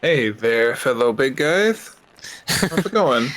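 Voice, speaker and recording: Man as friendly giant, chummy, slow-spoken. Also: medium pitch, sing-song, fairly bright tone, low-quality recording. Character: friendly male giant, boastful about his size.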